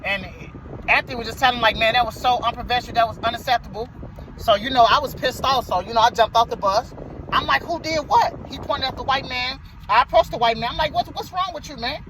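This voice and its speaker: A man's voice: extremely high pitch, steady tone, fast, sharp tone, slight background noise, low-quality recording. A man who drives a motor coach bus tells a story in a casual vlog, heated and profane, and he repeats himself.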